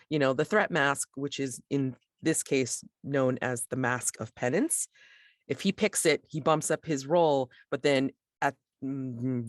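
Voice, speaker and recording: A mid-pitched game master explains rules in a loose, rambling way, full of fillers and restarts. The sound is dry and close, with no room around the voice. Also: dry recording. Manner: casual, rambling with many fillers. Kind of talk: running a tabletop game.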